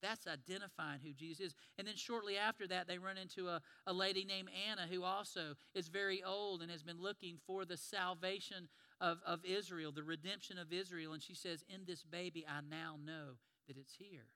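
A man's voice: high-pitched, fairly even intonation, brisk, sharp tone, smooth, long reverb tail. A man preaching a sermon in a conversational storytelling way, retelling scenes and acting out the lines.

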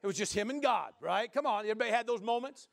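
High-voiced joking male preacher. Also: quick pace, gravelly. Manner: folksy and joking, with frequent "right?" asides; animated, swinging from loud to soft. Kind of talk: sermon.

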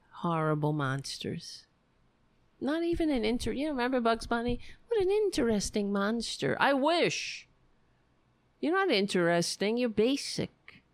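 A woman rants about politics in a slow, deliberate way, heavy with sarcasm and swearing. She drifts into muttered asides as she goes. Her voice is close and dry, with no room sound. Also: mid-range voice, dry recording. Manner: profane, sarcastic, muttering asides while searching. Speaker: political commentator. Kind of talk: angry political rant.

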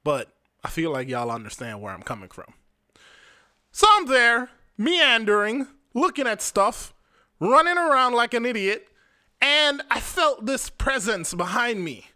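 A man's voice: extremely high pitch, big pitch swings, measured pace, sharp tone, dry recording, studio quality. A young Jamaican man hosting a podcast, telling a personal story in a casual, rambling, profane way and speaking straight to his listeners. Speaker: podcast host.

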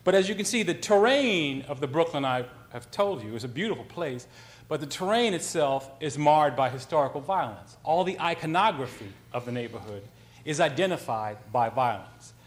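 A man, an author, giving a talk and telling a story in a conversational, animated way, with frequent restarts. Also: on the high side, normal speed. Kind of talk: lecture with storytelling.

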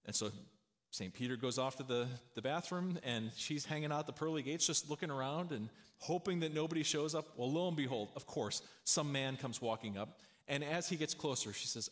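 A man's voice: a little high, animated, a little fast. A middle-aged male pastor preaching a sermon in a conversational, folksy way, stopping to tell a joke. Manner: conversational, folksy, tells jokes. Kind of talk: sermon with storytelling.

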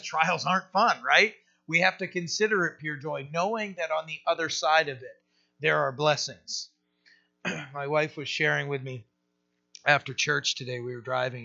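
A middle-aged male pastor gives a relaxed, conversational sermon, often restarting his sentences and filling pauses. His voice is bright and a little high, and the recording sounds dull and lo-fi. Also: vocal fry. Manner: casual, halting, with many fillers and restarts.

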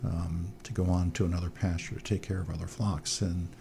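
A man, a priest and military chaplain, telling animated stories as an interview guest. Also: deep voice, fairly quick, creaky, noisy background. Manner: animated storyteller, upbeat. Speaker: chancellor of military archdiocese.

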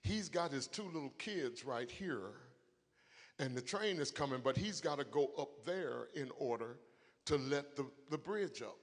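A man preaching a sermon, moving from a quiet story to shouted, crying high points. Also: expressive, unhurried, big-room sound. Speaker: pastor.

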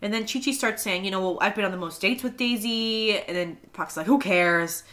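A woman's voice: mid-range voice, brisk. A young woman co-hosting a casual recap podcast, laughing often and acting out quotes from the episode. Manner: animated, laughing, acts out quotes. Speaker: podcast co-host.

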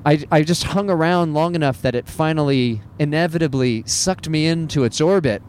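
A man's voice: a little high, normal speed, a little mellow, slight background noise. A man who works as a stand-up comedian, talking in a casual, self-deprecating monologue with wry laughs.

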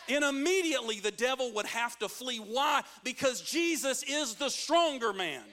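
A man's voice: very high-pitched, lively intonation, moderate pace, bright, forceful tone. A man preaching a sermon as a pastor, reading scripture and building in intensity with call-and-response.

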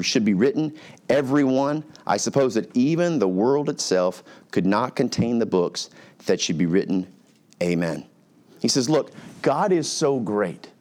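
Preaching through a passage verse by verse, a middle-aged male pastor keeps things casual and conversational, slipping briefly into the voices of the characters he describes. His voice is medium-pitched and a little mellow.

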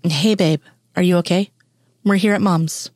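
A caring woman agent who soothes her injured partner, read by a woman in her own voice. She speaks in a warm, reassuring tone. The sound is dry and close. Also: fairly low pitch, steady tone, moderate pace, no room sound, close to an everyday voice. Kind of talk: reading fan fiction aloud.

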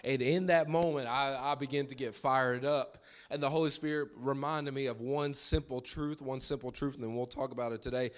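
A man delivering a sermon in a mid-range voice, neither high nor low. He preaches fervently, hammering phrases again and again and drawing call-and-response from the crowd. At the peaks he stretches his words out into near-song. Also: steady tone, moderate pace, few pauses.

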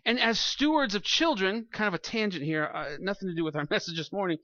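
A high, bright-toned young man delivers a sermon to his congregation as their pastor. He speaks earnestly and plainly, often restarting his phrases. The sound is dry and close, a little dull. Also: fast talker, no echo. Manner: earnest, plain-spoken preaching with repeated restarts.

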